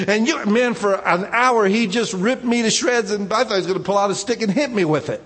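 A man's voice: high-pitched, a little fast, few pauses, a bit bright, husky, big-room sound. A male pastor preaching a conversational sermon, telling personal stories in a casual, informal way. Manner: informal, personal storytelling, frequent "man" asides.

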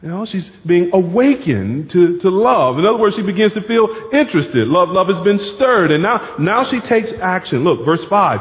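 A man's voice: sits high, big pitch swings, normal speed, hardly any pauses. A man preaching a sermon, talking casually and throwing asides to the congregation. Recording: muffled sound with long hall reverb.

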